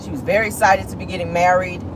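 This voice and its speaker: A woman giving sassy, animated celebrity gossip commentary while driving in her car. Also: fairly low pitch, fast, noisy background. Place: in a car, driving near an airport.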